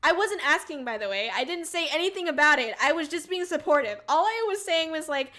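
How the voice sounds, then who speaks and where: A woman's voice: very high-pitched, expressive, moderate pace, few pauses, pushed and bright. A young woman streamer telling a rambling story in casual chat, full of "like" and "um", swearing and laughing often. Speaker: VTuber streamer.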